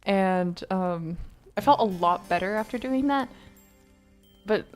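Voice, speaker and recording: A woman's voice: medium pitch, slow, soft background music. A tired young woman streamer chatting casually, rambling with lots of fillers and laughs.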